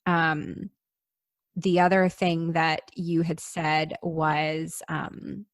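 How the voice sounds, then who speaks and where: A woman hosting an interview, thoughtful and hesitant, with many pauses and fillers. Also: deep voice, little pitch movement, dry recording, studio quality. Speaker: podcast host. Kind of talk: conversational interview.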